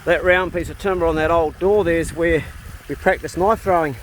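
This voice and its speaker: Filming himself doing farm work outdoors on a handheld phone or camera, this middle-aged vlogger from New Zealand chats casually and bluntly in his New Zealand accent, cracking jokes as he goes. His voice sits on the high side with a steady tone at normal speed, and there is slight background noise.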